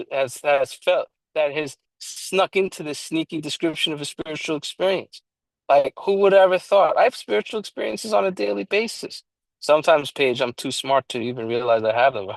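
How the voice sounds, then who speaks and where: A man's voice: on the high side, gravelly, no room sound, low-quality recording. A man co-hosting an online recovery book study, talking casually and emphatically, swearing now and then and restarting his sentences. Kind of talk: casual online meeting talk.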